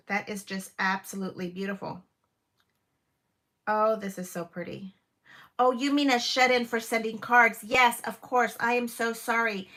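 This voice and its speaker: Chatting live about crafts from her home, a woman in her fifties gushes over every piece with frequent exclamations and plenty of fillers. She has a mid-range voice with a sharp tone.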